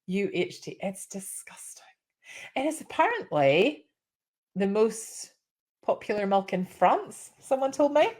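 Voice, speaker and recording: A Scottish woman in her thirties giving casual side-hustle advice, chatty and animated, acting out the people in her stories. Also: mid-range voice, unhurried. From Scotland. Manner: chatty, animated storyteller, acts out quoted voices. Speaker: small business vlogger.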